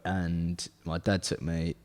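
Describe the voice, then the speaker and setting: Speaking slowly in a deep, flat voice, this English man in his twenties rambles through a casual podcast chat full of fillers and false starts. Besides hosting, he owns a car detailing business, and the audio has a long, hall-like reverb.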